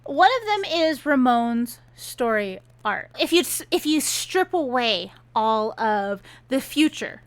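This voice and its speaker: A woman's voice: on the high side, animated, takes it slowly, few pauses. A woman reviewing a book in a sarcastic, exasperated rant, retelling the plot.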